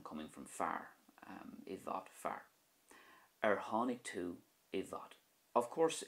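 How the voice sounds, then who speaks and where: Deep-voiced Irish man teaching pronunciation. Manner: slow, repeats each example word. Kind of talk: video pronunciation lesson.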